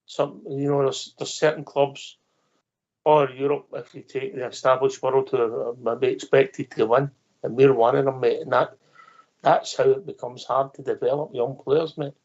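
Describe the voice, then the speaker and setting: A man's voice: mid-range voice, level tone, normal speed, a little mellow, highs cut off. Chatty man hosting a phone-in. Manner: joking, chatty, tends to ramble. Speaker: phone-in host. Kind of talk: casual radio chat.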